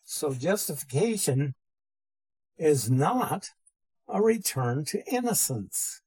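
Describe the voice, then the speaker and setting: A man lectures on theology as a Bible teacher, defining each term with care and repeating the key phrases. His voice is husky and a little breathy. He speaks slowly and deliberately. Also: fairly high pitch, a little mellow, low-quality recording.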